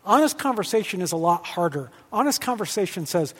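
A male pastor teaching on leadership in a lively, joking way, acting out quoted dialogue. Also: high-pitched, brisk. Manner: animated, jokey, acts out quoted dialogue. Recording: long hall reverb.

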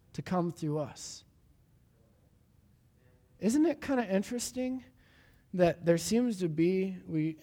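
A man preaching a sermon, animated and asking the room repeated questions, often stumbling over restarts. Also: sits high. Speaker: pastor. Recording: hall reverb.

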